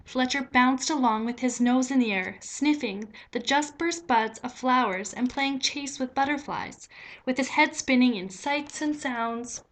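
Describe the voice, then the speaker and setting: A woman reading a children's picture book aloud in a slow, gentle, expressive way. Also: high-pitched. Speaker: storybook reader. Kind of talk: children's story read-aloud.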